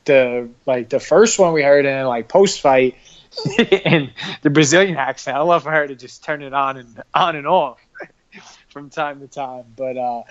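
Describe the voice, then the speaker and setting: A man chatting casually on a podcast, halting and repeating his words as he talks. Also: medium pitch, muffled recording.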